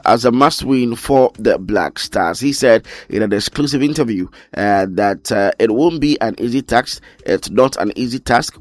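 A man's voice: fairly low pitch, dry recording. A man hosting a sports show, reading news items with frequent slips and restarts. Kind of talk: radio sports news and banter.

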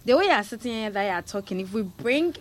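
A woman's voice: medium pitch, lively intonation, fast. A young woman with a Ghanaian accent, co-hosting a casual celebrity news chat, agreeing often and giggling. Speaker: co-host.

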